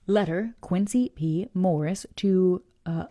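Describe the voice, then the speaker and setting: A woman with a fairly low voice hosts a live book club, reading a classic novel aloud slowly with few pauses and occasionally stumbling over names. She drops into soft whispered asides, is self-deprecating, and chats straight to her viewers. The audio is dull, with no echo.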